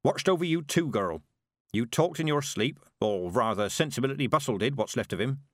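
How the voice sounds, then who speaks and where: A stern old witch who gives orders in a brisk, no-nonsense way, put on by a man reading a story. The voice sits higher than a plain male voice and swings up and down a lot. The sound is dry and close, with no room around it. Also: expressive, no room sound, natural voice.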